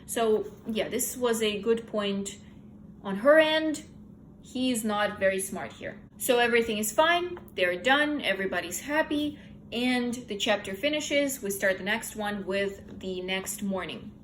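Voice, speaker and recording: A woman's voice: mid-range voice, animated, a little slow, a little hiss or hum, low-quality recording. A young woman casually recapping a novel's plot in her own words, candid and opinionated. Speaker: book reviewer. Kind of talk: casual book review chat.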